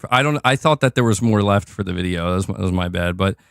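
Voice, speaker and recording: A man's voice: low-pitched, fast, vocal fry, a bit bright, clean tone, no echo. Male streamer, exasperated profane ranter, dry close sound. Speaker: streamer host. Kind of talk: ranting stream commentary.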